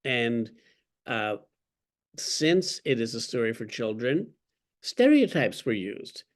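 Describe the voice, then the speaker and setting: A man's voice: mid-range voice, very animated, slow pace. A man, an author being interviewed, who tells stories in a wry, articulate way and acts out the quotes he cites. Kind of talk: conversational interview.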